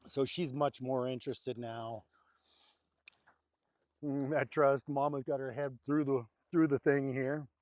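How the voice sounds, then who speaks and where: A man's voice: mid-range voice, fairly even intonation, measured pace, pauses often, no echo. Chatty man coaxing cattle outdoors. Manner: rambling and chatty, coaxing the animals softly. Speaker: homestead vlogger. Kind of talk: casual narration to camera while feeding cattle. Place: outdoors at a cattle pen on a farm. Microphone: handheld or nearby camera mic.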